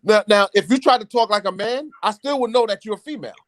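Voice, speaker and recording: A man talking in an animated, opinionated way during a casual chat, laughing between his points. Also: high voice, fast, no room sound.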